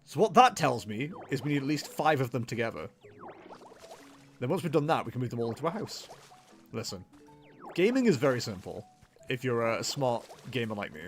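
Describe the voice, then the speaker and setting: A man's voice: mid-range voice, big pitch swings, a little fast, pauses often, soft background music. Chatty young man streaming a game. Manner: chatty, rambling, self-mocking. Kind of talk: casual gameplay livestream commentary.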